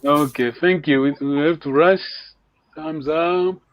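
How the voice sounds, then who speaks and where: A man's voice: a little high, a little slow, no echo, rough recording. A man teaching a live online language lesson, encouraging learners and repeating words for them to copy.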